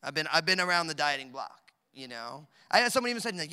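A pastor in his thirties delivers a lively sermon, his voice sitting high and sounding piercingly bright. He jokes and rambles through stories with plenty of fillers. The sound rings with the long reverb of a big hall. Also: fast talker, clear, resonant tone. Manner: animated, joking storytelling with many fillers. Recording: echoey hall recording.

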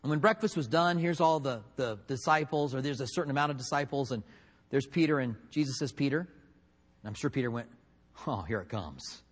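Storytelling preacher in a reverberant hall. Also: male voice, mid-range voice, fairly quick. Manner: storytelling with acted quotes, swinging between loud and hushed. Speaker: pastor. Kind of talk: sermon.

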